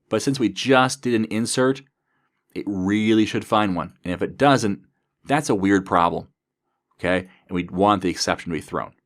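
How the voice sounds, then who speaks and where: Slow, deep-voiced man teaching code. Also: a bit bright. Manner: methodical, talks through code as he types. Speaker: programming instructor. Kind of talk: coding tutorial screencast.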